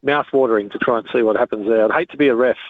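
A man's voice: mid-range voice, racing, dry recording. A man calling in to a radio show, chatty and enthusiastic. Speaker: caller. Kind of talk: phone-in chat. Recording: tinny phone line.

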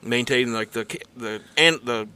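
A man's voice: mid-range voice, normal speed, pushed and bright, clear, resonant tone. A young man co-hosting a casual podcast, telling stories in a laid-back way with lots of fillers. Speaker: podcast co-host. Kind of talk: casual comedic chat.

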